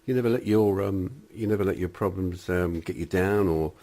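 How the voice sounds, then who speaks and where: A man's voice: sits low, normal speed, warm tone. A British man hosting a radio show, introducing and chatting with his guest. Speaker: radio host. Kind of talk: casual radio banter.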